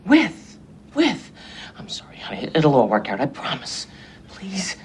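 A nervous, placating psychiatrist with a slightly high, lively voice that wanders up and down. He hesitates, soothes, and slips into near whispers. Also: a little fast, slight background noise. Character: anxious soft-spoken male psychiatrist. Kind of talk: film dialogue.

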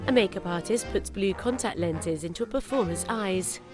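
A woman reading audio description in an even, neutral tone. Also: medium pitch, normal speed, music in the background.

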